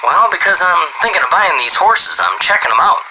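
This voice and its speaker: A man reading dirty jokes aloud as an animated storyteller who starts many lines with "well". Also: high-pitched, fairly quick, noisy background.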